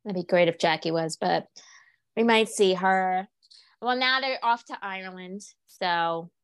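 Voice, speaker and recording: A woman chats casually as a podcast co-host, bouncing her pitch up and down as she acts out what others said. Her voice sits in a middle range. The sound is close and dry, with no room around it. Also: measured pace, clear, resonant tone, no room sound. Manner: animated, acts out quotes with swooping pitch. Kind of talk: casual chat.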